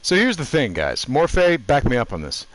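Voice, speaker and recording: A man doing animated, joking commentary while streaming a video game and talking to his chat. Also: mid-range voice, normal speed. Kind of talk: gaming commentary.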